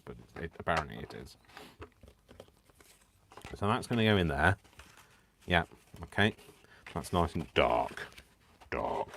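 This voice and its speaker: A man with a low, deep voice hosts a live crafting stream from home. His talk is giddy and rambling, full of restarts and asides to viewers. He keeps laughing to himself and teasing himself. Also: slight background noise. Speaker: crafting livestream host. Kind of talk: casual live crafting chat.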